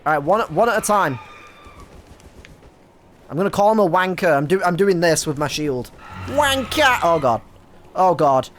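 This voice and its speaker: A young British man giving casual, excitable commentary while playing a game, swearing often and stumbling over his words. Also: a little high, moderate pace, pauses often, slight background noise. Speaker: gaming streamer. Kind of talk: casual let's-play commentary.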